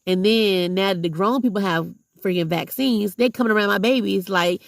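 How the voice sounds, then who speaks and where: Gravelly, passionate woman vlogger. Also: mid-range voice, moderate pace, no room sound. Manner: passionate, preachy and blunt. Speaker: vlogger and substitute teacher. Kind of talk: heartfelt casual vlog monologue.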